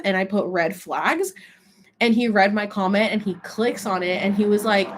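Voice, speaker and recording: A woman tells a story in a casual social media vlog, rambling along with lots of filler words and reading oracle cards aloud. Her voice is mid-range with lively intonation, and she speaks at a normal speed.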